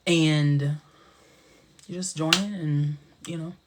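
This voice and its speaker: A young man hosting a casual livestream, chatty and animated, who laughs often and sometimes drops into a whisper. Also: on the high side, slow, background noise. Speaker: livestream host.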